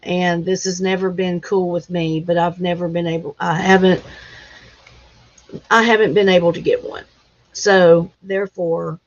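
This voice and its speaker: Slow, halting woman near tears. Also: fairly low pitch, darkish tone. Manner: emotional, halting, fighting back tears. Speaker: livestream host. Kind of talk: casual livestream chat. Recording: dull lo-fi livestream audio.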